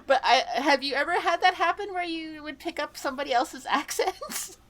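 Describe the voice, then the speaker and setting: A woman's voice: sits high, moderate pace, a bit bright. A woman from Canada in casual podcast chat, talking loosely with lots of "like" and frequent laughs. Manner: chatty, laughing often, lots of "like". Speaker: podcast co-host.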